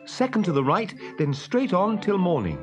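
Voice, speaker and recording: A man's voice: high-pitched, big pitch swings, over music, pitched above the performer's own voice. A man reading a storybook aloud and voicing a cocky, boastful boy who crows when pleased and snaps when cross. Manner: crowing, quick to snap.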